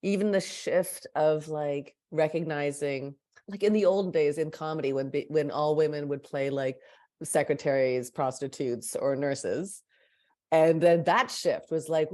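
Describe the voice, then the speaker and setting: Woman, deep mellow voice, chatty podcast co-host. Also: steady tone, unhurried. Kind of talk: casual conversation.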